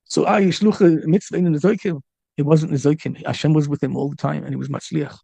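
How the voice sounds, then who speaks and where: A male rabbi preaching with feeling, his voice gravelly and mellow, sitting a little high for a man. He keeps circling back over his own phrases and drops in Hebrew and Yiddish words. The sound is close and dry. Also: fairly even intonation, fast talker, dry recording. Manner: impassioned, repeats and restarts phrases; mixes in Hebrew and Yiddish terms. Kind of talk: storytelling sermon.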